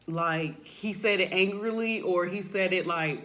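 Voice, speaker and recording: A woman giving a heartfelt, unscripted faith testimony. She speaks earnestly and haltingly, often filling pauses with "like" and "you know," and turns emotional and soft at times. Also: on the low side. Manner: emotional, voice drops softly at times. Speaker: person sharing a faith testimony.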